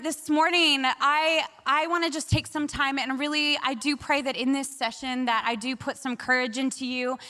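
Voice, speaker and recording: Bright, high-voiced woman preaching. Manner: animated storytelling, laughs often. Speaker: pastor. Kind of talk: sermon.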